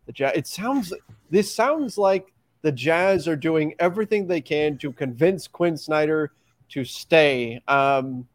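Male sports podcast host, fairly high voice, brisk and chatty, dry close-mic recording. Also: animated, dry recording. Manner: steers the talk, brisk and chatty. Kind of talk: casual sports chat.

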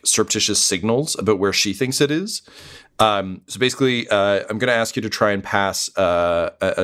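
A man's voice: deep voice, a bit bright, clean tone. A man running a tabletop game as game master, hesitant and full of ums.

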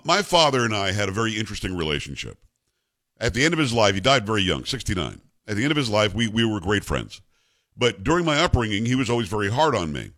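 A man's voice: fairly low pitch, a bit bright. A man in his fifties hosting a talk radio show, giving opinionated commentary in an emphatic, conversational way and mixing in personal stories.

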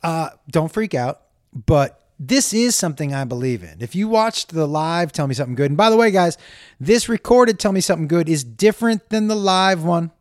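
A man's voice: on the high side, moderate pace, dry recording, studio quality. A man hosting a live stream, telling a rambling, profane story to his viewers in a casual way. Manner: animated, profane, rambling with many restarts.

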